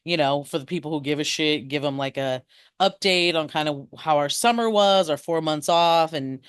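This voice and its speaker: Woman co-host, casual, swears easily, slightly low voice, dry close recording. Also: moderate pace, clear, resonant tone, no room sound. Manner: laid-back, swears freely, laughs often. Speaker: podcast co-host. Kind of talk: casual chat.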